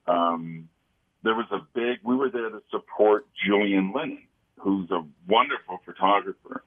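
A laid-back man from Kansas City, a security consultant, answering interview questions. His voice is very deep and comes through a narrow, tinny phone line. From Kansas City, United States. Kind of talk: casual interview.

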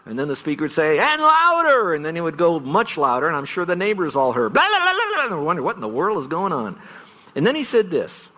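A man's voice: a little high, lively intonation, fast, fairly bright tone. A middle-aged man preaching a farewell sermon as pastor, earnest and storytelling, leaning on single words to stress them. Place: large church sanctuary. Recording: long hall reverb.

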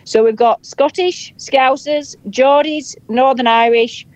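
A woman with a broad Yorkshire accent chats on a podcast with blunt, teasing humour and frequent laughter. Her voice sits a little high, and it is recorded dry and close with no room sound. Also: slow pace, a little mellow, no room sound, highs cut off. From Yorkshire, England. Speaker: podcast co-host. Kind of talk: casual chat.

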